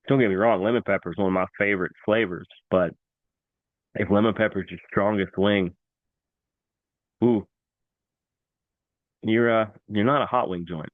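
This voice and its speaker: Excitable man, tinny dry sound. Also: on the low side, normal speed, pauses often, dry recording. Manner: excitable, animated, repeats himself for emphasis. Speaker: sports podcast host. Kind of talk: casual sports talk.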